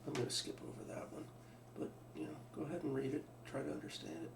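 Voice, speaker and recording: A math teacher lectures in a creaky, high-leaning male voice at a quick pace, barely varying his pitch. He thinks out loud, restarts phrases, and asks rhetorical questions. Faint hum and roomy, distant-mic sound fill the recording.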